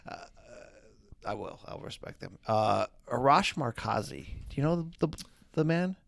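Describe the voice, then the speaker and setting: A man's voice: mid-range voice, big pitch swings, normal speed, vocal fry, fairly bright tone, no room sound. A man in his forties co-hosting a podcast in casual chat, joking and ribbing his partner from a hotel room. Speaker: podcast co-host.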